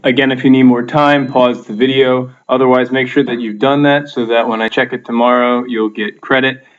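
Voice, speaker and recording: A male teacher walks through a video lesson in a plain, instructive way, filling pauses with ums and uhs. His voice sits mid-range for a man. The audio is dull and lo-fi. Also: mid-range voice, little pitch movement, smooth, soft background music.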